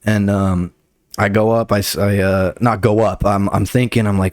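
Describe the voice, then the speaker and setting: A man's voice: on the low side, fairly even intonation, moderate pace, darkish tone, no room sound, studio quality. A young man, a comedian hosting his podcast, telling rambling, profane stories and acting out the people in them. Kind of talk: casual solo storytelling. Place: Los Angeles area.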